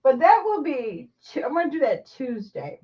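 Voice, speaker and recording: A woman vlogging candidly to the camera, halting and rambling with lots of restarts. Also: sits high, big pitch swings, mellow, recorded from a distance, dull audio, a little hiss or hum. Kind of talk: candid personal vlog chat.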